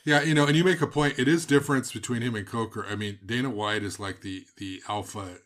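A man co-hosts a laid-back sports talk show. He argues his side in an easy, conversational way. His voice sits at a middling pitch. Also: steady tone, brisk, fairly bright tone. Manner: opinionated, conversational. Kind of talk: casual sports chat.

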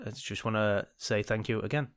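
A man's voice: lowish voice, steady tone, brisk, a bit bright, clear, resonant tone, dry recording, studio quality. A man hosting a podcast, telling a crude joke and rambling casually. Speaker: podcast co-host.

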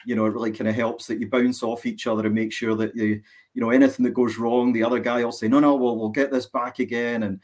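Scottish male guest, hesitant and repetitive, mid-pitched voice. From Scotland. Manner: hesitant, repeats words while thinking. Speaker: podcast guest. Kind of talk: casual chat.

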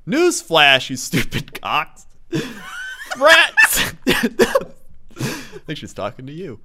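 Animated man reading a rant aloud. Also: a little high, extremely slow. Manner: animated and exaggerated, bleeping curses as "effing", breaking into laughter. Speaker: reader of a viral email. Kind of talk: dramatic comedic reading aloud.

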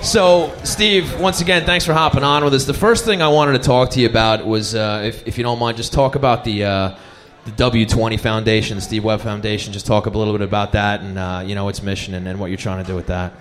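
A man's voice: lowish voice, steady tone, a little fast, fairly bright tone, soft background music. A man hosting a live interview at a bar event, upbeat and a little hesitant with fillers. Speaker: event host.

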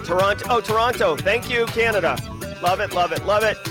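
A man hosting a live show, talking with high energy and rapidly shouting out viewers. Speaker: livestream host. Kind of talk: hyped-up live show chat. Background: hip hop music.

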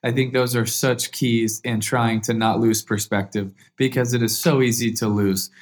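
A man in his thirties, a former football quarterback, telling a heartfelt personal story as a guest in an interview and growing lively as it builds. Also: mid-range voice, normal speed.

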